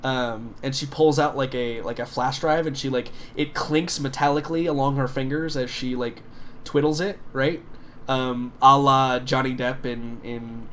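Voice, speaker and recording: A man's voice: medium pitch, fairly even intonation, moderate pace, fairly bright tone, a little hiss or hum. A man narrating as game master of a tabletop game, with loose, rambling phrasing full of fillers.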